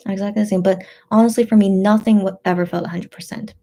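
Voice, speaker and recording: A tearful woman hosting a casual livestream, reading out chat messages in a subdued, hesitant way with many pauses and fillers. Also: mid-range voice, steady tone, warm tone.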